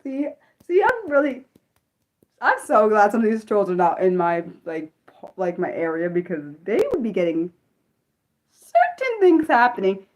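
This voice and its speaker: A woman hosts an unscripted livestream, reading her chat aloud, answering it, and venting with frequent swearing. Her voice is mid-range with a darkish tone.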